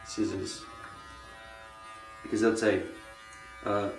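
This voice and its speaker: An Australian vlogger with a voice on the low side muses wryly to camera at normal speed while trimming his hair in a casual, rambling monologue. An electric trimmer buzzes in an echoey room with faint music, plus a little hiss or hum.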